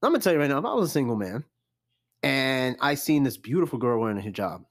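A man's voice: medium pitch, quick pace. A young man hosting a casual solo podcast, giving blunt, profane advice on listener questions. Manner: blunt, animated, profane, repeats "I'm gonna tell you right now".

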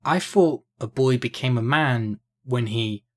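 Cheeky teen boy in a fantasy story, a bit higher and eager as the male narrator does him. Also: measured pace, lightly acted. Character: cheeky sixteen-year-old boy, eager.

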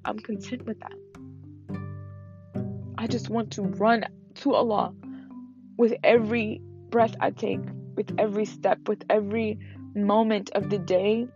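A woman's voice: fairly high pitch, dull audio. Emotional woman hosting a podcast. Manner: earnest and emotional, with pauses. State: fasting. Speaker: podcast host. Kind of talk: reflective solo podcast talk.

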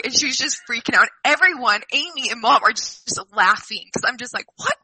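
A woman with a high, very lively voice and a strikingly bright, somewhat husky tone. She chats casually and acts out quotes as she tells stories. The sound is close and dry. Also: a little fast, few pauses, no echo, low-quality recording. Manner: animated storyteller, acts out quotes. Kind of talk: casual chat among sisters.

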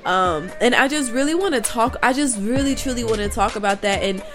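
A woman's voice: on the high side, lively intonation, a little fast, over music. A woman vlogger talking candidly to her viewers, her voice worn from recent crying, confiding and laughing through her frustration. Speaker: spiritual vlogger. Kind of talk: candid casual monologue to viewers.

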